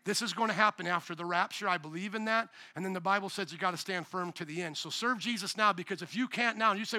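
High, bright-voiced man preaching a sermon. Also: brisk, few pauses, dry recording. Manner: emphatic, conversational, asks the congregation rhetorical questions. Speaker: pastor.

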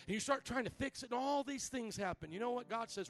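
A male pastor giving an animated sermon in a church, calling for amens from the congregation. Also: very high voice, quick pace, vocal fry, hardly any pauses, soft background music. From Italian-American family. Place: church sanctuary.

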